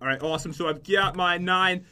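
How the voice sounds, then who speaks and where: A man co-hosts a casual gameplay session, excitable and fond of teasing his partner. His voice sounds bright and crisp, recorded close on a gaming mic. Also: high voice, fairly quick, slight background noise. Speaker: gaming channel co-host.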